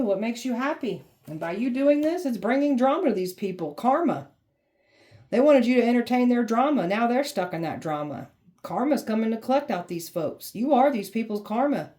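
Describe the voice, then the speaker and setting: A woman's voice: mid-range voice, a little mellow. A woman giving a blunt tarot reading, sassy and heated, swearing freely and mocking the people she describes. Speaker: tarot reader.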